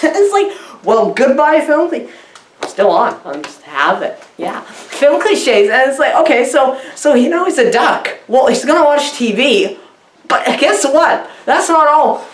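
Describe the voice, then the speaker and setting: A woman's voice: on the high side, very animated, a little slow, echoey room, a little hiss or hum. A woman giving a mock-enthusiastic comedic film review, rambling and giggly, heaping over-the-top praise.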